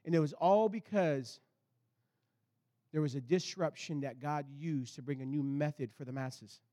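With a high, bright tenor, a pastor gives a sermon at normal speed. His storytelling swings animatedly, bursting out loudly and then dropping to low, intense passages.

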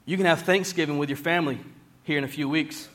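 A man preaching a sermon in a church, plain-spoken and folksy, slowing down whenever he reads scripture aloud. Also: fairly high pitch, fairly bright tone.

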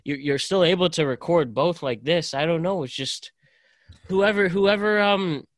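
A man co-hosting a podcast in casual chat, talking in a rambling way with halting restarts. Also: a little high, no echo, clean studio sound. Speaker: podcast co-host.

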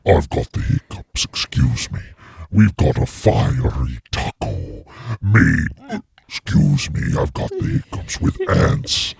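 A man voicing a hulking male Balrog monster, who speaks slowly and stiffly in a rough, gravelly voice. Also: low-pitched, huge pitch swings, no echo, studio quality, heavily acted. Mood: solemn. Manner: slow, stiffly formal speech broken by hiccups.

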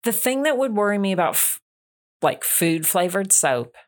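A woman's voice: medium pitch, sing-song, normal speed. A woman guesting on a podcast in casual chat, teasing the host playfully and laughing easily.

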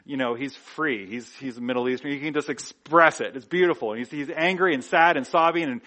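A man's voice: medium pitch, a little fast, bright, forceful tone. A man preaching a sermon in a church, talking in a conversational way with rhetorical questions and frequent filler words. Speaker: pastor.

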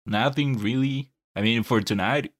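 A man's voice: medium pitch, moderate pace, no echo, clean studio sound. A young man co-hosting a casual gaming podcast, laid-back and giving short replies. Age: young adult. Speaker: podcast co-host. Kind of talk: casual chat.

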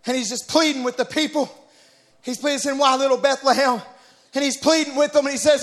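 A man with a very high voice preaching in a church. He moves from hushed teaching to shouted, rhythmic repetition, each phrase pressing harder than the last. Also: steady tone, brisk. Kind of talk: Pentecostal sermon.

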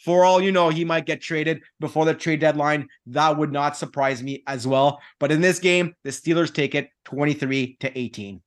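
A man co-hosting a sports talk show, giving a steady, conversational game breakdown. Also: on the high side, normal speed, hardly any pauses. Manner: steady, conversational breakdown with fillers like "you know". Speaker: podcast co-host. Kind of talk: casual sports analysis.

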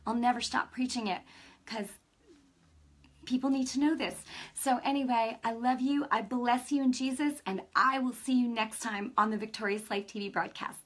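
Chatty woman preacher, high voice. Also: normal speed, fairly bright tone. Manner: enthusiastic, chatty, acts out quoted dialogue. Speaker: preacher hosting a broadcast. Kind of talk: informal preaching and testimony.

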